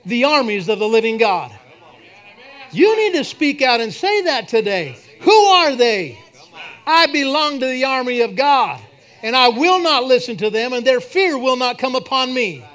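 A man preaching a sermon and leading a prayer at a church service, swinging from loud declarations to quiet prayer. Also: very high-pitched. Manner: preaching, rising to shouts then dropping to a soft prayer. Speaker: pastor.

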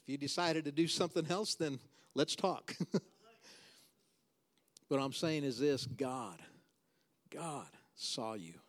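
A man preaching a sermon as pastor. He builds to loud, emphatic, repeated refrains and then drops to a soft, quiet voice for prayer. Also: a little slow, long pauses. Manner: preaching with dramatic swings in pitch and volume.

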